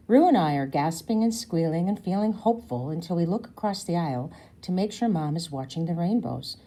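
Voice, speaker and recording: Woman storybook reader for children, warm and low, pauses to explain vocabulary. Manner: stops to explain words to young listeners. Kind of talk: reading a children's novel aloud.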